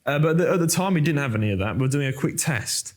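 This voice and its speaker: A young man, an actor hosting a chat and telling lively set stories. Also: a little high, quick pace. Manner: animated storyteller, many fillers. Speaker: actor and host. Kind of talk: casual interview chat.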